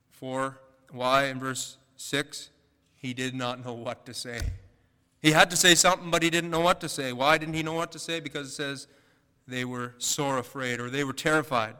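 A man's voice: mid-range voice, little pitch movement, normal speed, sharp tone, smooth. A male pastor delivering a sermon, building emphasis with rhetorical questions. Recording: long hall reverb.

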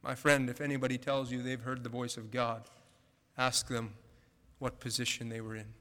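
Male pastor preaching, bright crisp voice, lots of rhetorical questions, echoey hall. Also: mid-range voice, level tone, normal speed. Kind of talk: sermon. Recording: long hall reverb.

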